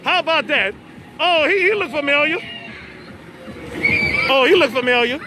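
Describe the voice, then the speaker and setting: A man with a very high voice hosts a casual live stream show from an outdoor birthday party, talking at a moderate pace. He is chatty and stammers, repeating his words. Recorded on a phone outdoors, the noisy background is full of party music, a crowd and children.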